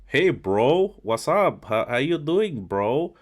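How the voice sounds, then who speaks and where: A man's voice: medium pitch, sing-song, slow, voice pushed up. A man voicing a mocking male Soviet guard, putting on a goofy, exaggerated Russian accent in broken English.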